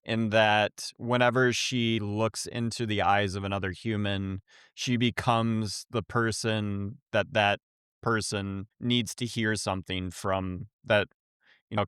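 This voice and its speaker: A man leads a relaxed film discussion with a smooth, clear voice. He thinks out loud and restarts his sentences, and the sound is dry and close with no room around it. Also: fairly low pitch, slow, no echo. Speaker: podcast host.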